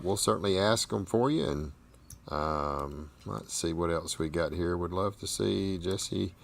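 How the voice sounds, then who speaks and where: Deep-voiced Southern American man hosting. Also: vocal fry, fairly bright tone, no room sound. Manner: folksy, rambling, repeats words. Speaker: host. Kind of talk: casual interview chat.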